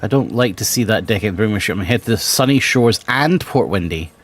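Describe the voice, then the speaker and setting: Male streamer, lowish voice, offhand muttering and casual swearing, home desk mic. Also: expressive, a little fast. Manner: mutters to himself while playing, swears casually. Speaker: game streamer. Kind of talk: casual gaming stream chat.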